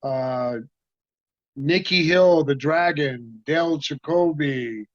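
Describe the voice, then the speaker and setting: This man's voice is on the high side and he speaks slowly. As an interview guest and martial arts actor, he rambles through casual stories with animation, voicing the people he quotes, in a dry, muffled lo-fi recording with no room sound.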